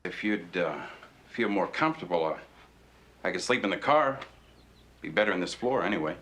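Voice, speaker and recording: An actor playing a polite middle-aged doctor who speaks hesitantly in a film clip. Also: male voice, sits low, expressive, fairly bright tone. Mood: awkward. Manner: hesitant, halting.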